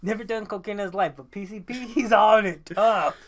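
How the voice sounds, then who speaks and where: A man's voice: sits high, a little fast. Laughing, cursing young man podcaster. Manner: swears a lot, laughs often, rambling and animated. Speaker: podcast co-host. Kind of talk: casual chat.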